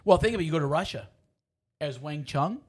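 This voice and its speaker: A playful man with a somewhat high voice, joking around in loose, casual banter. He keeps spinning the same gag further and sounds amused throughout. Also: animated, brisk, breathy edge. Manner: playful, riffing on a running joke.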